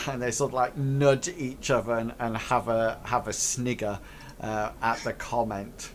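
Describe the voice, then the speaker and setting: A man narrating as game master of a tabletop game, pausing often with fillers. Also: mid-range voice, fairly even intonation, a little hiss or hum. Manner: hesitant, many fillers and restarts. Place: home setup, live stream.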